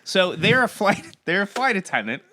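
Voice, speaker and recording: A man's voice: high voice, big pitch swings, normal speed, pushed and bright. A man holding forth in a casual comedic podcast chat, joking and ranting in a boastful, rambling way.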